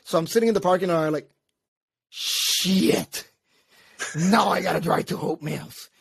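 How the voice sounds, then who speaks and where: A man with a notably high voice tells stories in a lively, casual way, jumping into the voices of the people in his tale. The recording is dry and close, with no room sound. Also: quick pace, vocal fry, husky, no room sound. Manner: animated, acts out both sides of his story, laughs at himself. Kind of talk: casual storytelling chat.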